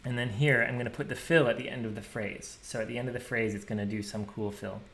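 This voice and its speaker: A man walking through a program he wrote, thinking aloud in a relaxed, casual way and scatting drum rhythms. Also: mid-range voice, fast talker, vocal fry, background noise. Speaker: programmer demonstrating his software. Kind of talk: casual screen-share tutorial.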